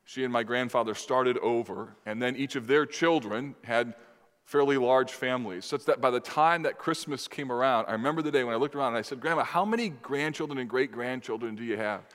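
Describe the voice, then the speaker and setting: A male pastor preaches in a steady, emphatic style, pausing to put questions to his congregation. His voice sits at an ordinary middle pitch. It rings out in a church sanctuary with a long, trailing reverb. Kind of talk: sermon. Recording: long reverb in a large hall.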